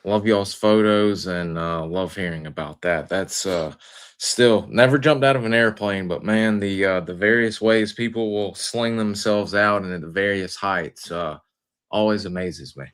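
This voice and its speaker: Deep-voiced man, casual podcast host. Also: measured pace, smooth. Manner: relaxed, hesitant, stammers. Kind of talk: casual chat.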